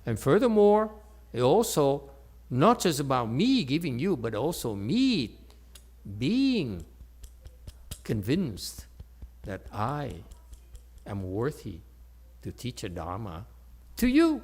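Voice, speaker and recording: Slow, lively-voiced man teaching meditation. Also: medium pitch. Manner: playful, joking, keeps checking with the audience. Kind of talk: Buddhist dharma talk. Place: meditation center hall with audience.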